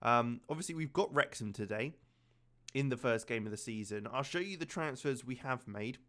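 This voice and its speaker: A man casually commentating his own football management game, chatty and prone to fillers, getting excited at key moments. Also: medium pitch, normal speed. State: slightly out of breath. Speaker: gaming channel host.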